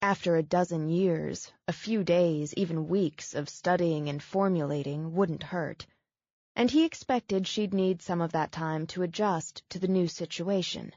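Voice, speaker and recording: A woman narrating a novel in a measured, steady way. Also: lowish voice, no room sound, dull audio. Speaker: audiobook narrator. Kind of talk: scripted audiobook narration.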